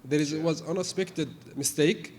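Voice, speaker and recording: A man's voice: a little high, a little slow, slight background noise. A man in the audience asking the panel a question. He talks hesitantly and searches for his words. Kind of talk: question from the floor.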